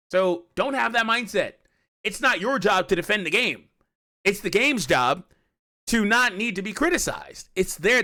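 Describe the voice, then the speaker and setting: A man giving animated opinion commentary on a mobile game, arguing his point with many repeats and asides. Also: sits high. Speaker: gaming youtuber.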